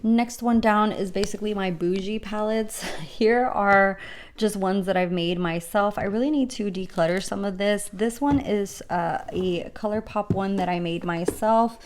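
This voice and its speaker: A woman's voice: medium pitch, unhurried, darkish tone, slight background noise. A woman vlogging casually at home, chatting through her collection item by item with many ums and uhs. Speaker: beauty vlogger. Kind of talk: casual show-and-tell walkthrough. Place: home room with storage drawers.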